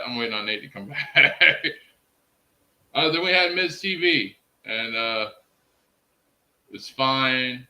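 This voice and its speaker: A man's voice: mid-range voice, lively intonation, slow, pauses often, sharp tone, rough recording. A man hosting a casual wrestling recap stream, talking enthusiastically to his chat and co-host, with "freaking" in nearly every sentence. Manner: enthusiastic, fills speech with "freaking". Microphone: streaming setup, talking to chat.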